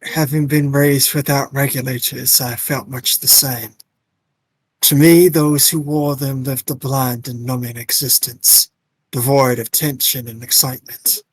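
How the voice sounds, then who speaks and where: A resigned male arena fighter from a game, read by a man on stream, with a husky, breathy edge to his voice. He tries for an Irish accent in a plain, dry close-mic sound. He speaks with calm acceptance at a middling pitch. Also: unhurried, no room sound, rough recording. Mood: solemn. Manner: attempts an Irish accent for the role. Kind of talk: voice-acting game dialogue on a livestream.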